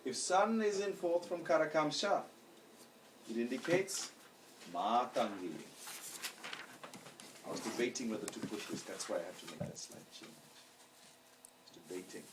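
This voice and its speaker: A man's voice: medium pitch, lively intonation, measured pace, long pauses, a little hiss or hum. Man, astrology teacher, lecture, leads call-and-response chanting, distant mic. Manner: chants syllables for students to repeat. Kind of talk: lecture, leading mantra recitation.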